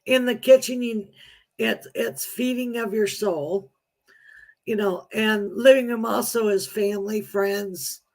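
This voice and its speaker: A woman's voice: mid-range voice, a little slow, darkish tone. A woman, a psychic medium guest on a live-stream chat, explaining things plainly with examples.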